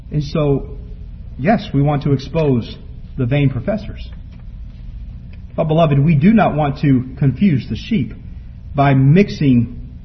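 A man delivers a sermon, climbing to forceful, emphatic peaks before falling back to a low, quiet delivery. His voice sits somewhat high for a man. The recording sounds dull and lo-fi, with a faint hiss of noise behind him. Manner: preaching from scripture, rising to emphatic peaks then dropping low. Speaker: preacher.

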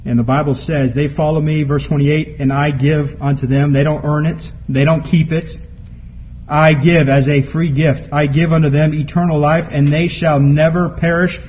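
A man's voice: little pitch movement, moderate pace. Emphatic preacher man, muffled recording. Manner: preaching from scripture, rising to emphatic peaks then dropping low. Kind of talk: sermon. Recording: muffled lo-fi recording with faint background noise.

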